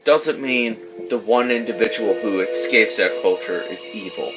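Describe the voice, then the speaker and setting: A man's voice: on the low side, moderate pace, music in the background. A man playing a tabletop game, earnestly speaking in character. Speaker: player. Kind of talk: in-character roleplay.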